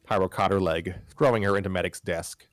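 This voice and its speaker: Deep-voiced man reading a story aloud. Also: steady tone, a little fast, dry recording, faint music behind. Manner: reads with frequent stumbles, restarts and wry asides. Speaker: host reading a fan story. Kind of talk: live-stream story reading.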